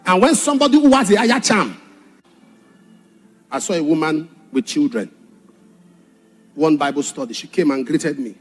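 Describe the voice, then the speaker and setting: A pastor preaches in a high, husky voice that swoops widely up and down. He tells his testimony with dramatic force, shouting some points and sinking low on others. Faint music plays behind him. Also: lively intonation, normal speed, long pauses. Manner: dramatic, shouts for emphasis then drops low. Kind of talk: sermon with personal testimony.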